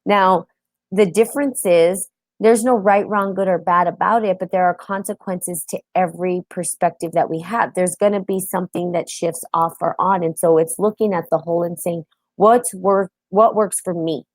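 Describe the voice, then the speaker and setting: An open, chatty woman hosting a casual live stream and greeting viewers by name. Her voice sits a little low, and the room is dry and close. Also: fairly even intonation, moderate pace, no echo. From United States. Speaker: host.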